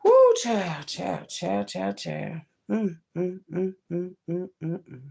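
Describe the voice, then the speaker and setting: A woman giving a card-reading monologue, swinging between loud outbursts and hushed asides and calling her listeners "baby" and "child". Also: on the low side, sing-song, takes it slowly, vocal fry, a little hiss or hum. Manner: talks to viewers as "baby" and "child".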